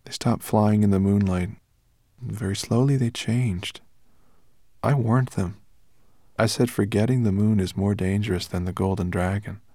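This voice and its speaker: A man reading an audiobook, voicing a wary, lonely female silver dragon with a hoarse voice. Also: on the low side, fairly even intonation, measured pace, mellow, no room sound, clean studio sound. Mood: sad. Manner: uncertain, then earnest and pleading.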